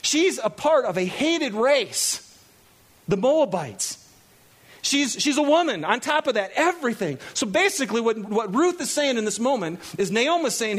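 High, husky-voiced male preacher. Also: normal speed. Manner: animated, laughing, acts out quoted characters. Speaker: pastor. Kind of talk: sermon.

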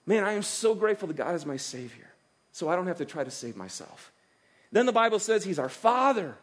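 A middle-aged man preaching a sermon as pastor, animated and acting out quoted voices as he speaks. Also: high voice, fairly quick. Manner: animated, acts out quoted voices of God and listeners.

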